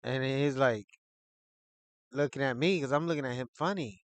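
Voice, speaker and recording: A man telling a personal story in a casual, rambling way, full of fillers, who gets animated as he retells it. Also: medium pitch, moderate pace, no echo. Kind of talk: casual spoken anecdote.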